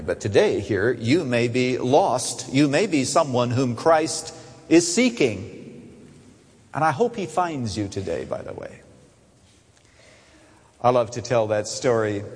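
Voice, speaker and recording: A mid-pitched man delivers a sermon in a large hall whose long reverb trails after every phrase. He climbs to emphatic, lifted lines on his key points, then sinks to soft, quiet asides. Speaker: preacher.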